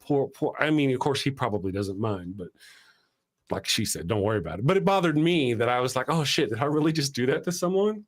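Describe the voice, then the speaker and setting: A man with a Southern US accent hosts a casual morning talk show, telling stories in an animated, self-mocking way and laughing often. His voice is medium in pitch and his delivery brisk.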